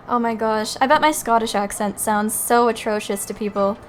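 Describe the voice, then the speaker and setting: A woman's voice: on the high side, fairly even intonation, normal speed, few pauses, slight background noise. A young woman streaming a game, making casual, amused asides with some swearing. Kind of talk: casual live-stream commentary.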